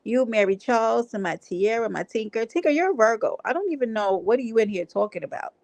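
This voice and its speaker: A woman's voice: fairly high pitch, lively intonation, fast, darkish tone, no room sound. A woman hosting a livestream, talking to her chat in a brash, playful way with plenty of profanity. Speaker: livestream host.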